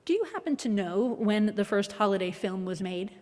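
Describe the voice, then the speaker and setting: A woman minister giving a reflective, measured sermon with a gently wry touch. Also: mid-range voice, expressive. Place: worship hall. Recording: long hall reverb.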